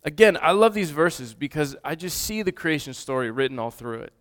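Male pastor, 30s, slightly higher voice, earnest and conversational sermon delivery. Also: animated, a little fast, fairly bright tone. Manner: earnest, conversational preaching with restarts.

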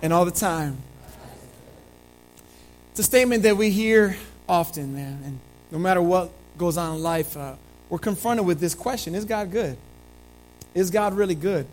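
A middle-aged man preaching a sermon in a church, his voice slightly hoarse, talking earnestly and conversationally with frequent restarts. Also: sits high, moderate pace, long pauses, faint music behind, low-quality recording. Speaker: pastor. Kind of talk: sermon with opening prayer. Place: church sanctuary.

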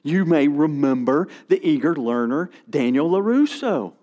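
Middle-aged male pastor, sermon delivery, slightly high voice, animated storyteller. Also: a little slow, muffled recording.

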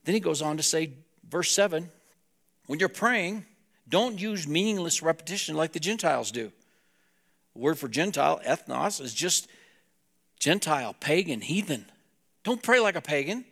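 Male pastor, gravelly slightly high voice, plain conversational preaching. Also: expressive, moderate pace, pauses often, fairly bright tone. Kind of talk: sermon.

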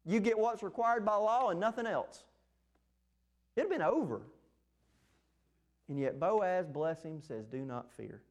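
A man preaching a sermon, lively and animated, acting out the words of the text. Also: unhurried, pauses often. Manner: animated, acts out scripture quotes with rising pitch.

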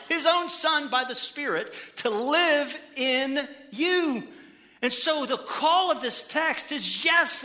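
A middle-aged man preaches in a church with a very high, bright, forceful voice. He is animated, dropping to quiet, slow emphasis and then rising into loud, excited bursts. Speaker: pastor. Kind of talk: sermon. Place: church auditorium.

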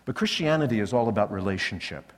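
Male preacher, lively storyteller, long reverb of a large hall. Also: lowish voice, fast talker. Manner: animated storytelling, acting out voices. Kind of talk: sermon.

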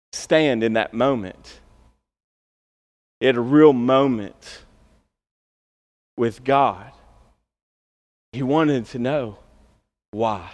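A male pastor preaching a sermon in a conversational, storytelling way with bursts of emphasis. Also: medium pitch. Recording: long hall reverb.

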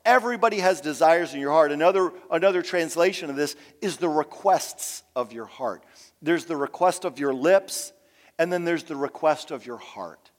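Male pastor preaching in a reverberant hall. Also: fairly high pitch. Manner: conversational preaching, drawn-out emphasis on key words, trailing off at phrase ends. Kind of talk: sermon.

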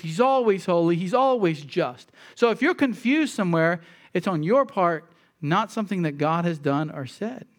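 A man preaching a sermon with emphatic delivery and rhetorical questions. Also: a little high. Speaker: pastor.

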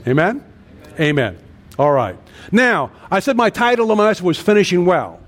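A man's voice: sits high, very animated, normal speed. A man in his sixties, a pastor preaching a sermon with an earnest cadence and emphatic repeated lists. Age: 60s.

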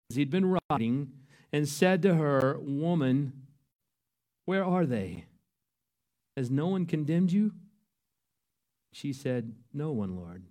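A man preaching a sermon, earnest and emphatic, his voice rising to loud peaks. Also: a little high. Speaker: pastor.

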